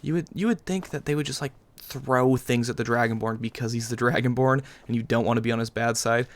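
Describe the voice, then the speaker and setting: A man's voice: medium pitch, brisk. A man hosting a casual gaming video, chatting in a sarcastic, rambling way while he plays. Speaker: gaming channel host. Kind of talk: casual let's-play commentary.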